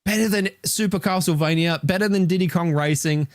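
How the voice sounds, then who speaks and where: A high-pitched man talks fairly quickly over clean studio audio with no echo. He's a retro gaming streamer giving live commentary on a game ranking, animated and exasperated, swearing and ranting because he can't believe it.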